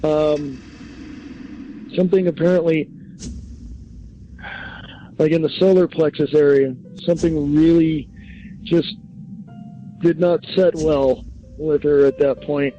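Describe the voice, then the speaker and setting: A man's voice: a little high, steady tone, slow, pauses often, warm tone, muffled recording, faint music behind. A man acting as a psychic medium on a call-in radio show, hesitant, with many fillers and restarts.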